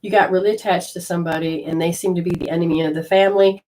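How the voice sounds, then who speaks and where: A fast-talking woman with a lowish, slightly mellow voice and fairly even intonation offers a caller an intuitive card reading on a rough recording. In this spiritual reading and coaching, she rambles, often starts over, and affectionately calls her listener honey.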